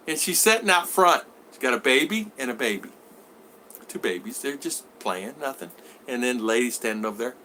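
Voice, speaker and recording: A man's voice: a little high, expressive, moderate pace, pushed and bright, slight background noise. A man vlogger chatting casually on a live stream, telling rambling stories and acting out the people in them. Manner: rambling storyteller who acts out voices.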